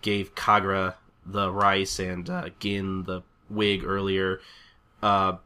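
A man's voice: sits low, slow, clean tone. A man co-hosting a podcast, recapping a comic scene in casual chat, often stammering and restarting. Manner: stammering, animated retelling with laughs. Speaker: podcast co-host.

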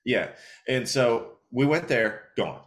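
A young man hosting a podcast, telling stories in a profane, animated way, a little tipsy and slurring. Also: medium pitch, takes it slowly. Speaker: podcast host. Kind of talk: casual podcast chat.

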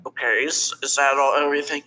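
A man doing a nasal fast-food cashier. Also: medium pitch, fairly even intonation, pushed and bright, a little hiss or hum, pitched above the performer's own voice, rough recording.

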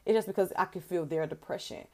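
A woman's voice: on the low side, fast, a little mellow. Earnest woman preaching on a podcast. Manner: earnest, conversational, quotes her own prayers aloud. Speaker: podcast host. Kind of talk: faith teaching monologue.

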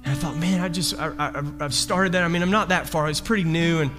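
A man preaching as a pastor, telling a personal story in an animated, self-deprecating way. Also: a little high, fast. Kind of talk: storytelling sermon. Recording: long hall reverb with faint guitar.

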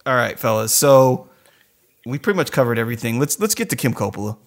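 A man's voice: mid-range voice, lively intonation, quick pace. A man co-hosting a casual podcast about a film, swearing freely and acting out quotes from the movie. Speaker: podcast co-host. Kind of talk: casual movie review chat.

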